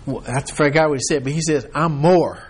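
A man's voice: on the high side, steady tone, fast talker, slightly rough. A man leading an informal Bible study, rambling as he retells scripture in quoted voices.

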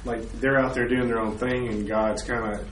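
A man's voice: mid-range voice, level tone, moderate pace, fairly bright tone. A man taking part in a Bible study, thinking aloud with hesitant restarts. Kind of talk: casual group discussion. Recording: distant roomy voice with background noise.

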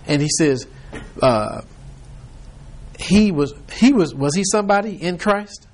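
A man's voice: a little high, expressive, measured pace. A man leading an informal Bible study, rambling as he retells scripture in quoted voices.

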